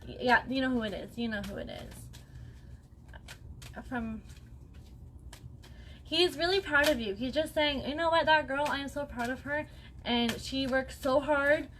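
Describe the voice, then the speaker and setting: A woman's voice: fairly high pitch, background noise. A young woman acting as a psychic medium on a live stream, talking in a chatty, reassuring way and often checking in with "okay?". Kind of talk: live-stream spirit reading.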